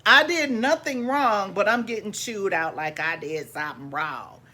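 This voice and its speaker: A woman casually telling her own life story to viewers, animated and repeating lines for emphasis, calling her listeners family. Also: medium pitch, moderate pace.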